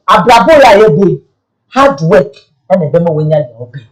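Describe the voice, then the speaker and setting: Man, lively pitch, rambling pidgin commentary, mixes languages freely. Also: normal speed, rough recording. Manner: animated, rambling, switching between languages.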